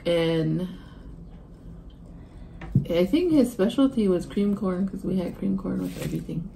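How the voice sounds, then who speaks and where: A woman's voice: mid-range voice, mellow, a little hiss or hum. A woman co-hosting a casual family food vlog, chatting easily and laughing often. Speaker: vlog co-host. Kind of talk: casual chat.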